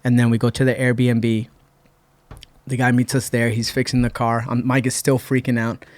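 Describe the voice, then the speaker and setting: A man from Puerto Rico, a podcast guest in a studio, telling a lively casual story and acting out his friends' lines. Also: medium pitch, moderate pace. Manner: animated, acts out friends' lines.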